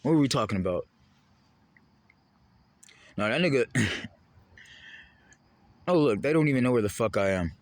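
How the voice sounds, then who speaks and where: A man's voice: medium pitch, expressive, moderate pace, pauses often, no room sound. A man in a heated, rambling, profane monologue to the camera. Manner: heated, rambling, profane, jumping between topics. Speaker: vlogger.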